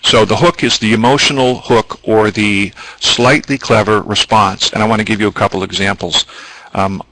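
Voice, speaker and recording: Bright-voiced man presenting a webinar. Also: fairly low pitch, fairly even intonation, moderate pace, no echo, low-quality recording. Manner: wordy, explanatory, with ums and asides. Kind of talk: business training webinar.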